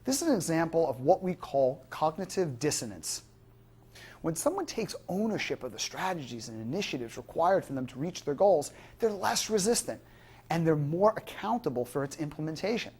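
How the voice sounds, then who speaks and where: A woman's voice: low-pitched, big pitch swings, moderate pace, a little mellow, husky. A woman giving an instructional lecture to fitness trainers, explaining through examples and rhetorical questions.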